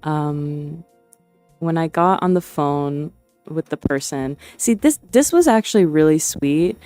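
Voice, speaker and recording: Young woman streamer, slow and mellow, hesitant and rambling, dry close mic with faint music under her. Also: sits low, lively intonation, clean tone, no room sound. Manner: rambling and hesitant, many fillers and restarts, laughs often. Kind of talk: casual livestream chat.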